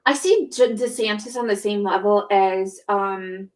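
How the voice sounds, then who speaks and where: A woman co-hosting a podcast in casual chat, telling stories in a rambling, excitable way full of fillers. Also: medium pitch, unhurried. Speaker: podcast co-host. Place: home.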